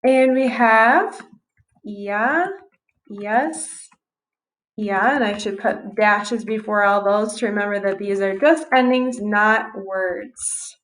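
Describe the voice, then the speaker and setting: A woman's voice: medium pitch, slow pace, a bit bright, low-quality recording. A young woman teacher talking through a screen-recorded grammar tutorial in a casual way, correcting herself as she types. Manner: casual, self-correcting while typing.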